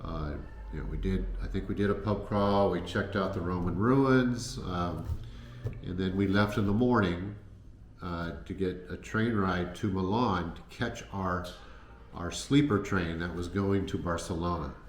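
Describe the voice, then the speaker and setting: Deep-voiced man rambling through travel stories. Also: unhurried. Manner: rambling, many fillers and restarts. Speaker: travel vlogger. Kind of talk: casual storytelling to camera. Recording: echoey room with faint noise.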